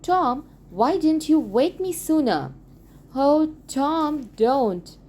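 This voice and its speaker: A woman's voice: high voice, animated, drawn-out words, a little mellow, pitched above the performer's own voice, full character voice. A woman doing Sid, a worried boy. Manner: urgent, worried. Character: anxious younger brother, alarmed and fussing.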